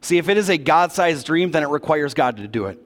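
A man preaches in a church, telling the story with a relaxed, chatty energy and slang tossed in. His voice sits a little high for a man. It rings out with the long reverb of a big hall. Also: fairly quick. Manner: casual, animated retelling of scripture, slangy asides. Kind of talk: sermon.

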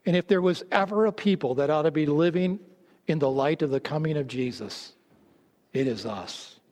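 A man preaching a sermon, telling stories and dropping low and slow to stress his points. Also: darkish tone. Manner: storytelling, drops low and slow for emphasis. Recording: long hall reverb.

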